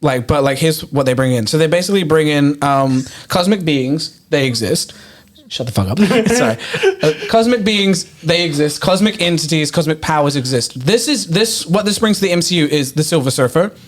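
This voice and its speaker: A man's voice: on the high side, expressive, normal speed, hardly any pauses. A man co-hosting a casual podcast chat who rambles through explanations, swears freely and laughs often. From New Zealand. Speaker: podcast co-host.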